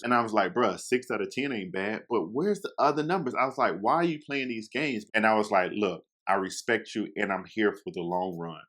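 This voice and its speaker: A young man telling a casual story about his past, chatty and animated, acting out quoted lines and speaking directly to his listeners. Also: lowish voice.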